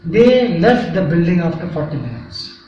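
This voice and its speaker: A man's voice: on the high side, sing-song, moderate pace, dark tone. A man from India, earnestly describing a frightening experience as an interview guest. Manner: earnest, recounting a frightening event. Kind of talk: personal account in an interview. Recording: echoey, distant, muffled with faint noise.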